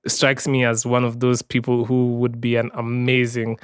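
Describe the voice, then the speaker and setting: Young man, podcast co-host, easygoing slangy talk, smooth clean voice, dry close sound. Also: mid-range voice, completely flat delivery, moderate pace, no echo. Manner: laid-back, says bro and man a lot. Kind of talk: casual podcast chat.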